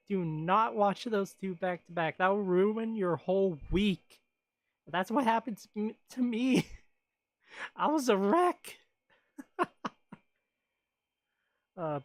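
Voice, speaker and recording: Slow-talking, chatty streamer. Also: mid-range voice, no echo. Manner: chatty and rambling, with frequent laughs and sighs. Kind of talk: casual stream chat.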